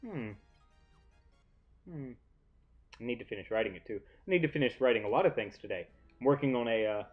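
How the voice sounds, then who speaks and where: A man's voice: medium pitch, expressive, fairly quick, long pauses, faint music behind. A young man hosting a casual gaming playthrough from his living room, rambling and self-deprecating as he talks. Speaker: let's play host. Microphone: desk mic off to one side, often facing away.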